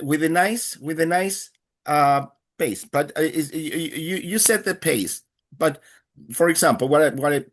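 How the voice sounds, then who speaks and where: A man with a somewhat high, slightly bright voice teaches a beginner Spanish class in a live online lesson. He explains patiently with many fillers and acts out short dialogues.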